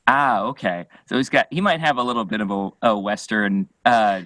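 Bright-voiced curious male podcast host. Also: lowish voice, moderate pace, no echo. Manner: curious, asks follow-up questions. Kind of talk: podcast interview.

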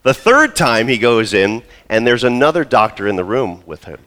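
A man in his role as pastor, preaching a sermon and telling a story with lively asides. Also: medium pitch, normal speed. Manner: storytelling, acts out quoted voices.

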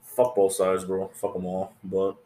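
With a completely flat delivery, a dark, low-pitched voice, and a measured pace, a podcast host from California talks in a roomy-sounding space. He rambles casually, curses a lot, and performs his friends' quoted lines.

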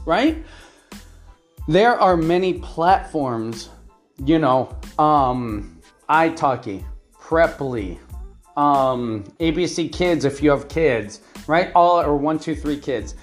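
An online English teacher talks to learners at an unhurried, deliberate pace, going through a numbered list of points. The speaker keeps asking "right?" and sounds keen, with soft music faintly under the voice. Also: mid-range voice, lively intonation. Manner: enthusiastic, repeats "right?" and lists points by number. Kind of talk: talking-head advice to learners.

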